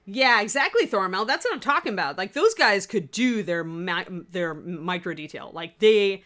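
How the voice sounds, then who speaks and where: A woman's voice: mid-range voice, animated, normal speed, a bit bright. A woman co-hosting a livestream on miniature painting, talking in a chatty, rambling way with many fillers and answering viewers' comments. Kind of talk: casual livestream chat reading viewer comments.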